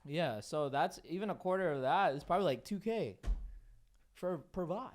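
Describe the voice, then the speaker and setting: A man's voice: fairly high pitch, expressive, normal speed. A young man co-hosting a podcast, casual and laid-back with slangy banter. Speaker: podcast co-host. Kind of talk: casual chat.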